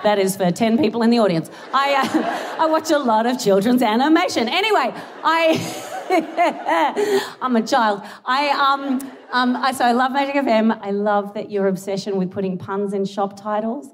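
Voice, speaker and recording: A woman's voice: a little high, normal speed. A young Australian woman doing a rambling, self-deprecating stand-up set on a big theatre stage, giggling between jokes. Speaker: stand-up comedian. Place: large theatre stage before a live audience. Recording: live theatre recording with audience noise.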